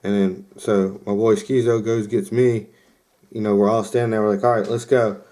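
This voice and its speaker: A man's voice: fairly low pitch, level tone, normal speed, dark tone. A young man hosting a podcast, casually telling a rambling story with lots of fillers and quoted asides. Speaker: podcast host.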